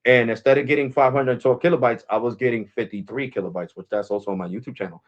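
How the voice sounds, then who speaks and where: A man's voice: mid-range voice, fast talker, muffled recording. Exasperated American man, rambling on stream. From United States. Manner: exasperated, rambling, repeats himself. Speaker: live streamer. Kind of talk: casual live stream talk.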